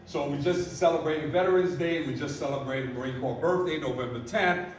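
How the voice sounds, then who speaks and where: Man in his 50s, motivational speaker, emphatic and repetitive, high-pitched, distant mic, faint ambience. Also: fairly quick, a little hiss or hum. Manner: emphatic, repeats phrases, keeps asking "right?". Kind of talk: motivational talk to a live audience. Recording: echoey room from far off, faint background ambience.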